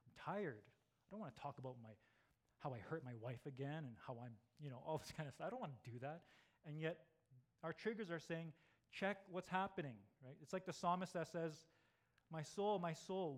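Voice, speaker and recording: A middle-aged man preaching a sermon in a conversational way, often tagging lines with "right?" and acting out inner voices. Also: mid-range voice. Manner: conversational, frequent "right?" tag questions, acts out inner voices. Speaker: pastor.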